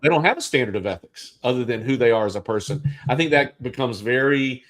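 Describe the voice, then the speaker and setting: Man, rambling livestream co-host, middle pitch, casual. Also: brisk, a bit bright. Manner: rambling, with restarts and asides. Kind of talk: casual chat.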